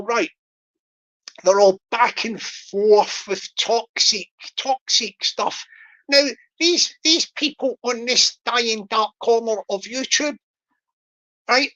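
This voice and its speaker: Slow, bright-voiced rambling woman. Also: a little high, poor audio. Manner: rambling and repetitive, chuckling often. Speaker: YouTuber. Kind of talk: casual monologue livestream commentary.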